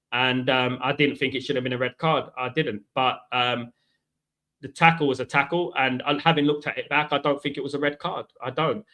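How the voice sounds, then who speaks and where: A man's voice: mid-range voice, bright, forceful tone. A middle-aged man from England hosting a live football stream, answering viewers in a combative, chatty way and peppering his talk with 'mate' and 'right'. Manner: combative, talks straight to chat, repeats 'mate' and 'right'. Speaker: football channel host.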